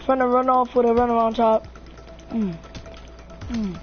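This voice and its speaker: A woman's voice: a little high, steady tone, unhurried, soft background music. A woman giving casual gameplay commentary at home, trash-talking and teasing her opponents with repeated taunts. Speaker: gaming channel host. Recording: dull lo-fi sound with faint noise.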